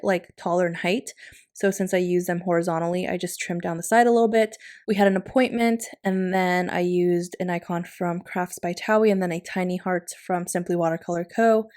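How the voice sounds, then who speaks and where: Woman, chatty vlog voiceover, slightly low voice, easygoing, laughs now and then. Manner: chatty, warm-hearted, with frequent laughs. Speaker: planner vlogger. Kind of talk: casual voiceover narration. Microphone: recorded voiceover.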